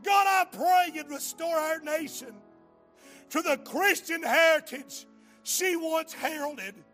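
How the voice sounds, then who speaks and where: Speaking slowly in a very high-pitched voice, an older man preaches a fervent revival sermon and prayer over faint background music. He alternates between quiet tones and shouts, his voice breaking with feeling.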